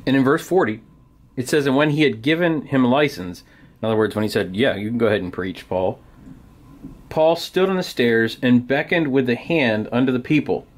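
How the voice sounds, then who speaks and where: A man's voice: mid-range voice, a little fast. A man teaching children a Bible story at a felt board, talking straight to the boys and girls and acting out the parts as he goes. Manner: animated storyteller, acts out soldiers and crowd.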